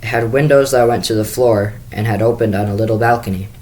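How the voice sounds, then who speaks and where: A man's voice: lowish voice, steady tone, fast talker, darkish tone, low-quality recording. Man reading a children's book aloud. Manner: first-person storytelling with small restarts. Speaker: school staff reader.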